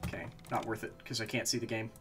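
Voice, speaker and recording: A man's voice: on the low side, monotone, quick pace. A man streaming a game, talking to himself as he plays and breaking into frustrated, swearing outbursts. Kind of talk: casual gameplay commentary.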